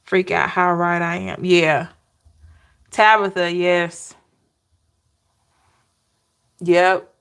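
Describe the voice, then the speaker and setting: An unhurried woman chats with her livestream viewers, laughing often and calling out names from the chat. She talks like a tarot reader sharing stories, loose and conversational. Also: fairly low pitch, flat delivery, fairly bright tone, clean tone. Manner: laughing, chatty, addresses chat by name.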